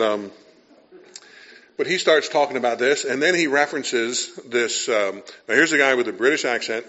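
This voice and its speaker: A pastor preaching a sermon in a relaxed, conversational way, acting out quoted voices and reading aloud. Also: male voice, medium pitch, muffled recording.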